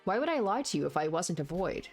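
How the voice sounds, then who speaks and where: A woman's voice: lowish voice, big pitch swings, fast talker, darkish tone, soft background music. A woman voicing a defiant teenager with a cool, mocking delivery.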